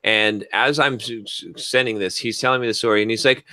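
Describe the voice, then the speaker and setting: Animated, profane male podcast host. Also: fairly low pitch, fairly quick, few pauses, dry recording. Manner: animated, profane, acts out quoted dialogue. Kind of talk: casual storytelling chat.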